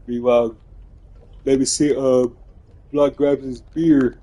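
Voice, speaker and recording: Man in his twenties, live game streamer, slow rambling talk, laughs and swears. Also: medium pitch, little pitch movement, warm tone. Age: 20s. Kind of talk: casual live game narration.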